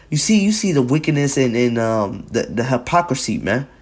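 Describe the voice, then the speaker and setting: A man's voice: mid-range voice, big pitch swings, moderate pace, a little hiss or hum. A man giving an emphatic, repetitive preaching commentary on video, reading scripture and news aloud and often adding "man".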